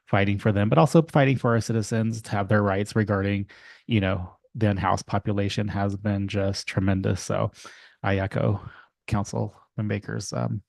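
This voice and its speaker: Male mayor at the council desk mic, lowish voice, heartfelt and rambling. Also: gravelly, no echo. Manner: emotional, rambling with many fillers. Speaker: mayor chairing a city council meeting. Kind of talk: council meeting remarks. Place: council chamber.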